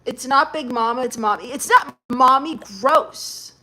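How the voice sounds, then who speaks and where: A woman hosting a live stream, reading her chat aloud and answering it with dry sarcasm. Her voice sits high and light. She mocks and snaps back at the messages. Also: measured pace, pushed and bright. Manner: sarcastic, mocking.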